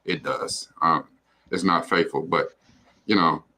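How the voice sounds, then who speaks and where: A bass-voiced man, bright and forceful, talks a little slowly while co-hosting a livestream. The chat is casual and meandering, packed with fillers and an occasional swear.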